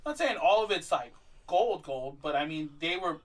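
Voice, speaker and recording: A man co-hosting a casual opinion chat, talking in an animated, joking way with many restarts. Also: fairly high pitch, moderate pace, distant mic. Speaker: podcast co-host.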